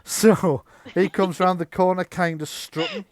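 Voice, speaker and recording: A man's voice: high-pitched, steady tone, a little mellow, no echo, clean studio sound. Man running a tabletop game. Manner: chatty, laughs often, slips into quick character voices. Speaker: game master.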